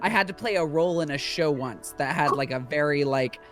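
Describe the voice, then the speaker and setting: A man's voice: on the high side, brisk, fairly bright tone, faint music behind. A man chatting casually while playing a game on a stream, telling a self-mocking story with laughter. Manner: self-deprecating, jokey storytelling. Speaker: let's-play co-player.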